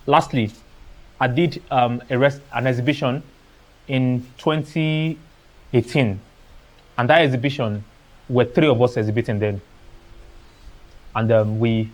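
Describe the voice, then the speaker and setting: His voice is mid-range and a little mellow as this Nigerian-accented artist delivers a motivational seminar. He weaves stories, performs the dialogue, and slips into Pidgin here and there.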